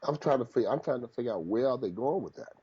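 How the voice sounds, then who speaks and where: Husky-voiced man telling boxing stories. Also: mid-range voice, fast talker, lo-fi sound. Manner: animated storyteller, repeats phrases. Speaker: boxing trainer guest. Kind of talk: casual storytelling interview.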